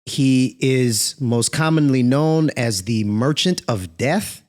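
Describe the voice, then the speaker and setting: A man's voice: mid-range voice, expressive, slow pace, a little mellow. A man co-hosting a podcast in casual chat, laughing easily and dropping joking asides. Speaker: podcast co-host.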